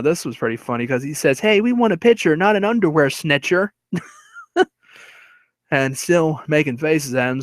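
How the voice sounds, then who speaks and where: A man's voice: mid-range voice, fairly bright tone, dry recording. Rambling man retelling a movie plot. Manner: rambling, with fillers and chuckles. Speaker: movie reviewer.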